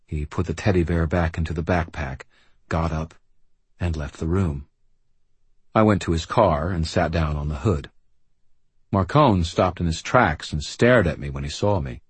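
Deep, husky male audiobook narrator. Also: moderate pace, dry recording. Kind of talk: first-person audiobook narration.

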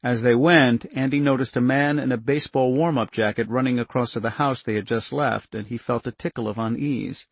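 A man narrating an audiobook in a steady, measured way on a close mic. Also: mid-range voice, vocal fry, slightly rough, no room sound.

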